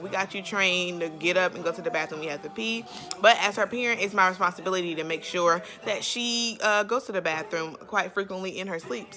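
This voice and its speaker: A woman's voice: mid-range voice, pushed and bright. A young woman, talking candidly in a casual faith vlog about motherhood, with lots of "like" and "you know.". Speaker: vlogger sharing faith and motherhood.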